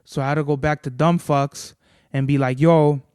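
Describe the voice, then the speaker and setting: A man's voice: medium pitch, little pitch movement, normal speed, a little mellow, clean tone, dry recording, clean studio sound. A man hosting a podcast, telling a long, rambling story in casual, profane chat. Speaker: podcast host.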